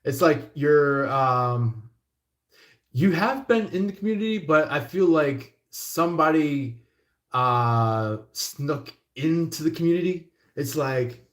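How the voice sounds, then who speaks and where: A man's voice: a little high, animated, takes it slowly, roomy sound. A man doing a casual tarot reading who rambles with lots of fillers and acts out little quotes. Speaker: tarot reader.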